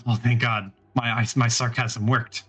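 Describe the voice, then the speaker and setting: A man player joking loudly during a tabletop game. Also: mid-range voice, level tone, unhurried, breathy edge, faint music behind. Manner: loud, joking. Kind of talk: casual chat.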